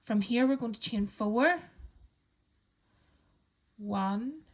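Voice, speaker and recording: A woman calmly talking learners through a crochet pattern step by step, counting stitches aloud and reassuring them. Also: fairly high pitch, extremely slow. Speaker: crochet instructor. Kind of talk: step-by-step craft tutorial.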